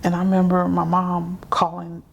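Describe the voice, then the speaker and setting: A woman's voice: fairly low pitch, monotone, normal speed, gravelly, highs cut off. A woman guest telling a personal story vividly, acting out the remembered dialogue as she goes.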